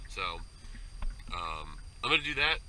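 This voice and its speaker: A man's voice: deep voice, sing-song, a little slow, sharp tone, a little hiss or hum, rough recording. A young man vlogging casually to his camera in a chatty, rambling way. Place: car, then outdoors at a theme park.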